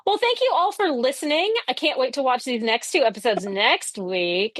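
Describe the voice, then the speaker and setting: A woman's voice: high voice, lively intonation, normal speed, hardly any pauses, fairly bright tone, no room sound. A woman co-hosting a comedy podcast, wryly summarizing episodes in casual chat. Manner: wry, plot-summarizing. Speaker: podcast co-host.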